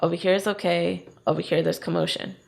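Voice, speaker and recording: Talking fast in a lowish, creaky voice, a young adult woman on a podcast, where she's a co-host, recounts a personal story in casual chat. She animatedly performs what she and others said.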